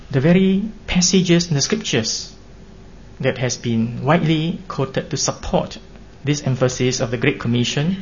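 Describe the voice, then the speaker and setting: A man's voice: mid-range voice, a little mellow. Earnest male preacher, dull lo-fi recording. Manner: earnest, measured, with emphatic rises. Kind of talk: sermon. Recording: dull lo-fi recording with faint hiss.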